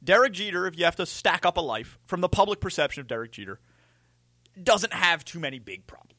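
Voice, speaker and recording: A man co-hosting a sports radio show, teasing his partner in dry, deadpan banter. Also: high voice, a little fast, no echo. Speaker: radio co-host.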